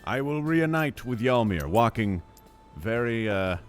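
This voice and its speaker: A man's voice: mid-range voice, expressive, unhurried, soft background music. A man playing a pompous scheming lord. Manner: pompous mock-aristocratic lord voice. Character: smooth-talking scheming male lord. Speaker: player. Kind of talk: in-character tabletop role-play.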